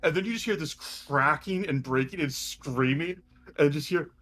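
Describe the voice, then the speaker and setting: A man narrating as game master of a live-streamed tabletop game, relaxed and chatty with many pauses. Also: on the high side.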